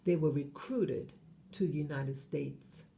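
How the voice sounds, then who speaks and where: A woman's voice: sits low, slow pace, gravelly, dark tone, slight background noise. A woman hosting her channel, talking in a meandering monologue full of fillers and self-corrections. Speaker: channel host. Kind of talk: rambling monologue.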